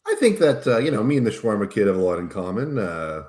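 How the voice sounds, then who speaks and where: A man chats from home with dry, self-mocking humor. His pitch moves around a lot, and the room around him gives a clear echo. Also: big pitch swings, fast talker, darkish tone. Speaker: show regular. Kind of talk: casual chat.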